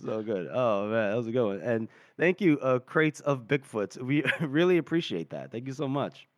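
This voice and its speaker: A man's voice: mid-range voice, animated, normal speed, no echo, studio quality. A man hosting a podcast, loosely retelling a chapter with fillers and laughs. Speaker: podcast host. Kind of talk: casual chapter recap.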